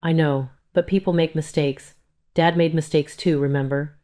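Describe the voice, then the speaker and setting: A woman's voice: deep voice, steady tone, normal speed, dark tone, lightly acted. A woman reading the lines of a grown daughter pleading tearfully with her mother. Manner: pleading, emotional.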